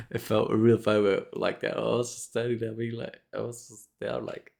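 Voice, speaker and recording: Low-voiced man telling a story casually. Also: level tone, normal speed, gravelly, darkish tone. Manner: rambling, many fillers and restarts, frequent laughs. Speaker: vlogger.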